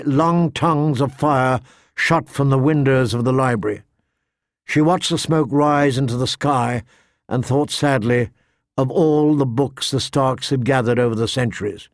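A man reads a story aloud with measured, somber pacing and a mid-range voice. He sits close to the mic, and the sound is completely dry. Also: medium pitch, dry recording. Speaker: audiobook narrator. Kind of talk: scripted narration.

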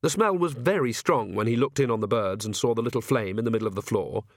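A man's voice: medium pitch, no echo. Man narrating an audiobook, dry close voice. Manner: measured, dry storytelling.

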